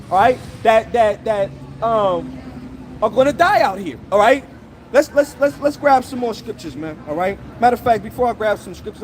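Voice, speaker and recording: High-voiced man preaching on the street. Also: a little hiss or hum. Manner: peppers every phrase with "all right?" and "okay?"; scolding, accusing listeners directly. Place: outdoors on a city street.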